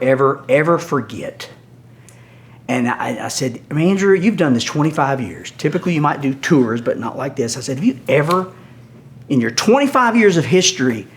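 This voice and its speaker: An older man telling a story with lively, animated delivery, often dropping to a hush. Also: mid-range voice. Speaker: guest storyteller.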